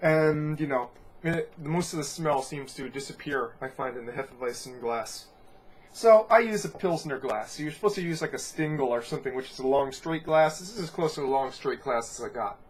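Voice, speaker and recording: A man's voice: medium pitch, normal speed, slight background noise. A man giving a casual beer review, talking in a rambling way and often correcting himself. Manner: rambling, self-correcting, chatty.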